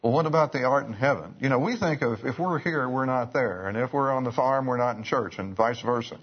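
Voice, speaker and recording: A man's voice: medium pitch, brisk, husky. A man preaching a sermon, telling stories in a folksy way with restarts and asides. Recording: dull lo-fi recording.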